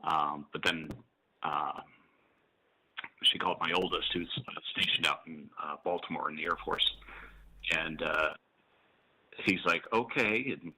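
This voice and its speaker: A police officer guest on a radio talk show, telling his story matter-of-factly with dark humor. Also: a bass voice, a little slow, pauses often, slight background noise, low-quality recording.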